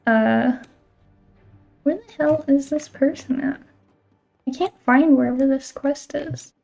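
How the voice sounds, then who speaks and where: A woman's voice: high-pitched, slow pace, gravelly, darkish tone, soft background music. A woman streaming a game and chatting casually, filling her talk with "like" and the odd swear word. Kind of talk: casual chat while playing a game.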